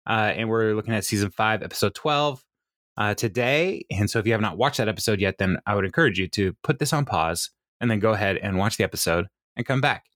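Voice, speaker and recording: A man with a low, slightly deep voice co-hosting a fan podcast in easygoing chat. He rambles, restarts his sentences and laughs a lot. The sound is dry and close, with no room around it. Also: expressive, fast, fairly bright tone, no echo. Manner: chatty and rambling, laughs often. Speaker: podcast co-host. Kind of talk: casual chat.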